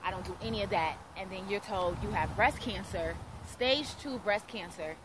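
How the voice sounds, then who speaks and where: A woman's voice: mid-range voice, normal speed, noisy background. A woman in her thirties, a radio host, telling her personal testimony in an earnest storytelling way and acting out the voices in her story. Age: 30s.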